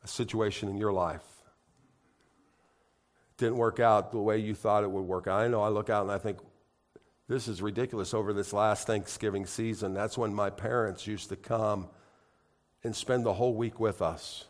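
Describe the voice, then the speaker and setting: A man's voice: fairly low pitch, fairly even intonation, normal speed. A middle-aged man preaching a sermon in church, conversational and heartfelt, building to emphatic, rising appeals. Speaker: pastor.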